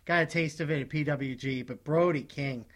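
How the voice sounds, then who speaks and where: A man's voice: a little high, moderate pace. A man co-hosting a podcast, chatting casually and giving firm opinions, often restarting his sentences. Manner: opinionated, relaxed, frequent restarts. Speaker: podcast co-host. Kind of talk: casual wrestling podcast chat.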